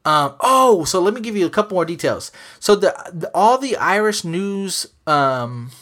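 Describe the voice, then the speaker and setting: Animated young man telling stories. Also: sits high, moderate pace. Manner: animated, profane storytelling. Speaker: podcast host. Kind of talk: casual chat.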